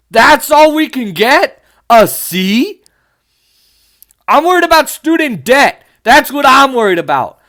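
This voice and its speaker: High-pitched sarcastic ranting man. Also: fairly bright tone. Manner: exasperated, sarcastic, swears often. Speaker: podcast host. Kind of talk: ranting political commentary.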